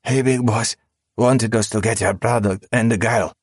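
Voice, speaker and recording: A man's voice: on the low side, fairly even intonation, normal speed, dry recording, clean studio sound, pitched above the performer's own voice. A man voicing a terrified, trembling male cartel underling who pleads and breathes heavily, in an audiobook. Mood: pleading.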